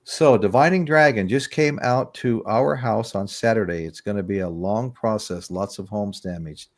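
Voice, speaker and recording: A man's voice: lowish voice, moderate pace. A man in his sixties from the United States, hosting a casual livestream chat and telling rambling stories with chuckles. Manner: rambling storyteller, chuckling, greets chat viewers. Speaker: livestream podcast host.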